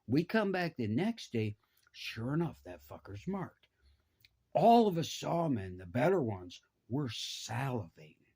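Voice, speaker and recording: Husky man telling a wild story. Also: measured pace. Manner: animated, profane, acts out voices with big pitch jumps. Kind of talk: casual storytelling.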